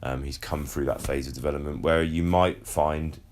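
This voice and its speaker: A man's voice: very deep voice, steady tone, moderate pace, a little mellow, a little hiss or hum. A young man hosting a casual podcast, chatty and explaining at length, often repeating words as he starts a sentence. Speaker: podcast host.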